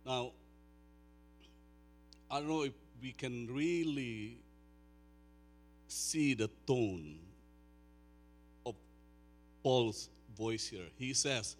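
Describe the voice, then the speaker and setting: A man in his sixties preaching a sermon, chatting with the congregation and then swelling into loud, slow, emphatic declaiming. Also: medium pitch, soft background music. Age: 60s. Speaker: pastor.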